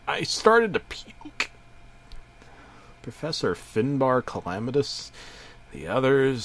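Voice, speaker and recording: A man's voice: medium pitch, a bit bright, a little hiss or hum. A middle-aged man narrating a parody horror story in a mock-serious way, stumbling over his words. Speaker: creepypasta narrator.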